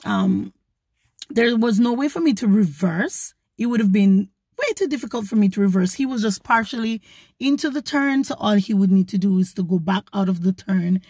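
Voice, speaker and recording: A woman, a vlogger, retelling a story in an animated, indignant way. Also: medium pitch, moderate pace, husky, no room sound. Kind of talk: storytelling to camera.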